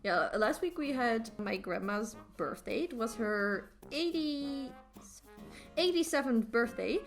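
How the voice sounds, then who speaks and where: A young woman with a higher-pitched voice chats casually as she sketches, laughing easily between her thoughts. She hosts the video in a relaxed, rambling way. Faint music plays softly underneath. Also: slow. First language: Dutch. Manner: giggly, chatty, laughs often. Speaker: artist and video host. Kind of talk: casual chat while drawing.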